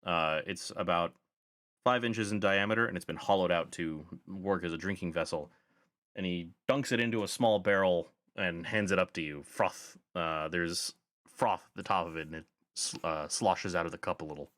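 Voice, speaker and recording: A man's voice: low-pitched, moderate pace, fairly bright tone, no echo, clean studio sound. A man narrating a tabletop game as game master, describing scenes with frequent fillers.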